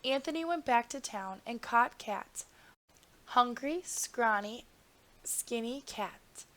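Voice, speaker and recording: Female storyteller, slightly high voice, slow and expressive fairy-tale reading. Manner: unhurried, expressive. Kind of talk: storybook narration.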